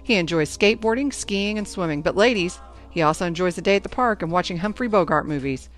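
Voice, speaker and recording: A woman's voice: lowish voice, lively intonation, fast, soft background music, close to an everyday voice. A woman voicing a stern, formal booster club president running a school auction, with a commanding announcer manner.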